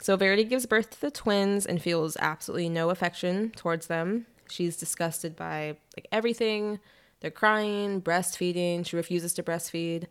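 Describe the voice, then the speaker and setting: A young woman casually retelling a novel on a chat podcast, animated, with quick asides and lots of "like". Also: lowish voice, clear, resonant tone.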